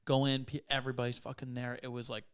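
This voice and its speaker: A young man co-hosting a podcast chats at an ordinary middle pitch. He talks bluntly and swears freely in casual conversation. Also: completely flat delivery, fast talker, smooth. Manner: blunt and profane. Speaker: podcast co-host. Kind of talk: casual chat.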